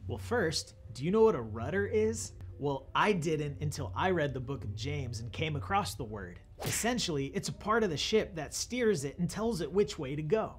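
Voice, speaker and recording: A man's voice: a little high, expressive, moderate pace, hardly any pauses, faint music behind. A young man hosting a children's church lesson, explaining things to kids in a patient, upbeat way. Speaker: children's ministry host. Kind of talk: kids' Bible lesson.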